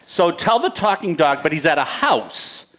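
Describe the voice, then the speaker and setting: A man's voice: on the high side, very animated, moderate pace, a bit bright. A man hosting a podcast in casual chat, steering the conversation and teasing the guests. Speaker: podcast host.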